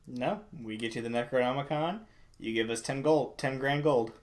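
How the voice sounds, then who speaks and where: A man's voice: mid-range voice, normal speed. A man playing a tabletop game, joking around in playful, casual chat. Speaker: player.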